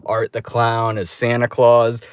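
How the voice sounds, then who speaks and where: Man, casual vlog rant, profane, restarts a lot, mid pitch, dry room. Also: measured pace, clear, resonant tone, dry recording. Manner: profane storytelling with animated re-enacted outbursts; loose, restarting delivery. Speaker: movie reviewer. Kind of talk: rambling casual vlog review. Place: dark room.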